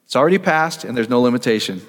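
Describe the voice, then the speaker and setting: A man preaches in a relaxed teaching sermon in an easygoing, mid-range voice. He keeps asking his listeners questions, trailing off and picking his thought back up. His words ring out with a long reverb across a church hall. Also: mid-range voice, fast talker. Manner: conversational, asks the audience questions, trails off and restarts.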